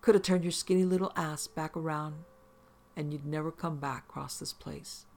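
A man's voice: a little high, fairly even intonation, normal speed, a little mellow, slight background noise, lightly acted. A man voicing a sadistic, grinning male deputy who taunts in a hillbilly drawl in a horror story. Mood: taunting.

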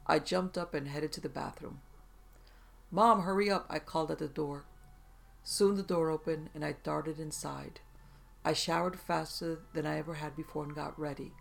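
A storyteller giving a steady, even reading of first-person tales, including a spooky one. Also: medium pitch, gravelly.

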